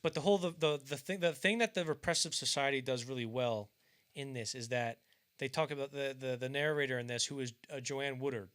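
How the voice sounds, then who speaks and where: A podcast host with a clear, resonant, fairly bright mid-range voice talks casually about films at a brisk, steady pace. He rambles, often stumbles and restarts, and acts out lines from scenes.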